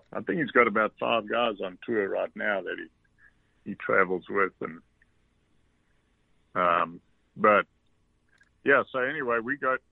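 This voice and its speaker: Man, South African accent, low gravelly voice, laid-back storytelling, tinny phone-line sound. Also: no echo. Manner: relaxed anecdotal, salty language. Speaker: guest golfer. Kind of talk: casual storytelling.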